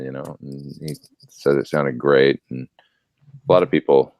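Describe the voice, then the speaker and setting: Man, very deep voice, dry close sound, relaxed rambling guest, casual chat. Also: unhurried, no room sound, highs cut off. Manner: relaxed, rambling with many fillers. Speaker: guest guitarist.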